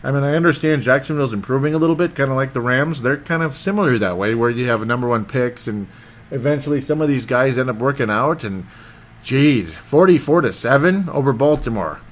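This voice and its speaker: A man hosting a casual football recap podcast, rambling and excitable, often losing his train of thought. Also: medium pitch, brisk. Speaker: sports podcast host.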